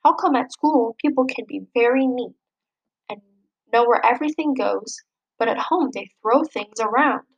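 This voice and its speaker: A woman's voice: a little high, moderate pace, breathy edge, dry recording, highs cut off. A blunt, puzzled bedroom lamp, as a woman puts it on.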